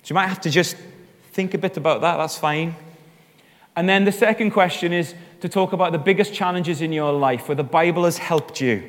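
A man leading a church group discussion, chatty and encouraging, with quick asides. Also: a little high. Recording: long reverb in a large hall.

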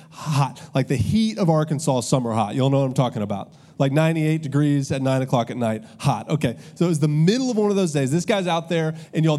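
His voice runs on the high side and sounds mellow as he preaches, weaving stories into the sermon and chatting informally with the people in the pews.

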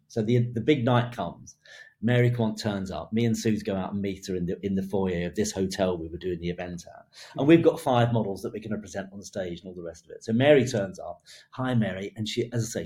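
A man's voice: lowish voice, fairly quick, darkish tone. A man, a hairdressing creative director, telling an anecdote in an interview, laughing between phrases and acting out the quotes.

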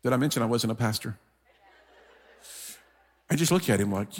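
A man preaching a sermon, telling a story with humor and lively energy. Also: mid-range voice, a little fast, pauses often. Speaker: guest preacher. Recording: long hall reverb from church.

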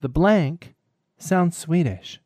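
A man's voice: fairly high pitch, takes it slowly, a little mellow, no room sound, clean studio sound. A young man co-hosting a podcast, joking around and making silly "meh" noises in casual chat. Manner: goofy, keeps making a silly bleating "meh" sound. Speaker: podcast co-host.

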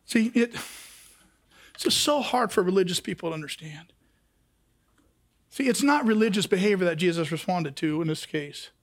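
A male pastor preaching a sermon, swinging between impassioned shouts and quiet asides. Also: high-pitched, lively intonation, moderate pace, long pauses.

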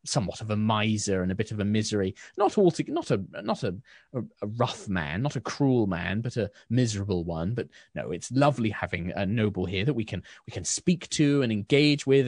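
A man's voice: lowish voice, dry recording, clean studio sound. A man voicing a flustered, motherly middle-aged baker woman who gushes and stammers over a noble customer. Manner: gushing, fussy, stammering.

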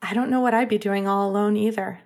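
A woman reading aloud who voices a chatty, eager young male college athlete, talking in quick, slightly flustered rambles. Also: medium pitch, fairly even intonation, darkish tone, lightly acted. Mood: earnest. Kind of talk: audiobook character voice.

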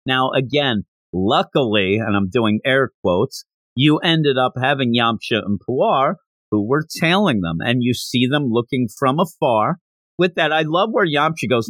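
A man hosting a podcast, recapping a comic in animated casual storytelling. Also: medium pitch, unhurried, no echo. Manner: animated storytelling, slipping into character voices. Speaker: podcast host.

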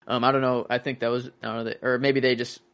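A man's voice: mid-range voice, little pitch movement, fast talker, fairly bright tone. A young man co-hosting a casual movie chat, rambling and enthusiastic, full of fillers and restarts. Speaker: podcast co-host.

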